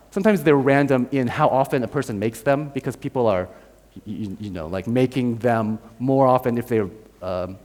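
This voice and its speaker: An American man gives a university lecture in a medium-pitched, darkish voice, and the recording carries long hall reverb. He explains step by step, demonstrates sounds aloud and keeps checking in with "right?".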